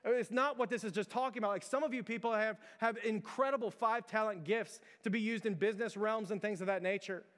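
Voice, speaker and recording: A man's voice: high-pitched, steady tone, brisk, few pauses, fairly bright tone, long reverb tail. A man preaching a sermon in a conversational way, full of fillers and rhetorical questions aimed at his congregation. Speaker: pastor.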